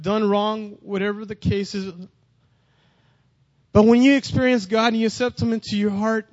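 A high-pitched man preaches a sermon in a dry, lo-fi recording. He reads from scripture, his voice rising on the verses, then speaks plainly, repeating and restarting phrases.

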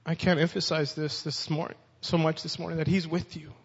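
A man's voice: a little high, little pitch movement, a little fast, husky. A man preaching a sermon, reading scripture aloud with rising force and speaking directly to his listeners. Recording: dull sound with long reverb.

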